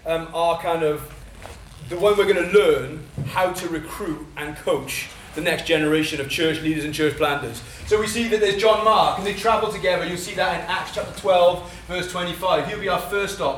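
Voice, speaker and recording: A Welsh man teaching a church training session, talking fast and excitedly with many fillers and restarts. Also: high voice, slight background noise. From Wales. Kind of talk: teaching talk at a workshop. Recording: echoey room, mic at a distance.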